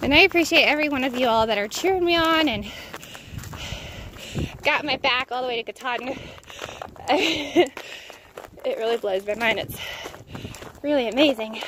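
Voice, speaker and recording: Woman thru-hiker vlogging outdoors, high lively voice, slow unhurried talk, wind noise, gushing to viewers. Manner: gushing, laughs often, talks to viewers. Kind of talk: casual trail vlog. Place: outdoors on a snowy mountain trail.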